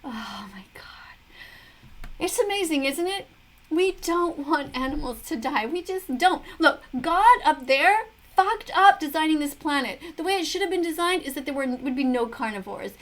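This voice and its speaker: This is a middle-aged woman's high-pitched, slightly bright voice, animated and at a moderate pace. A vegan commentator, she reacts to a video in casual to-camera commentary, earnest and preachy with plenty of rhetorical questions.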